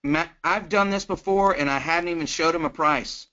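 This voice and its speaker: Forceful man coaching over the phone. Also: on the high side, normal speed. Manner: energetic, keeps checking in with "okay?". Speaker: insurance sales trainer. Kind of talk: sales coaching on a conference call. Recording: muffled conference-call phone line.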